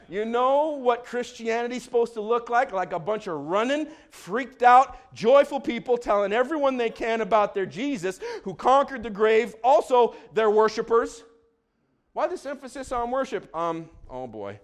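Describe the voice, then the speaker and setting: A high-voiced man preaching with exuberant energy, breaking into shouted calls and dropping in joking asides. He sounds like a pastor delivering a lively sermon, his voice pitched noticeably above most men's. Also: moderate pace.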